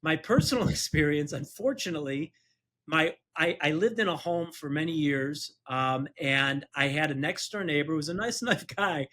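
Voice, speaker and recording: Guy with a higherish voice telling a lawyer war story on a podcast, keeps laughing and doing the other people's voices. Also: expressive, moderate pace, a bit bright. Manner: chuckles through anecdotes, acts out quoted voices. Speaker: personal injury attorney, podcast co-host.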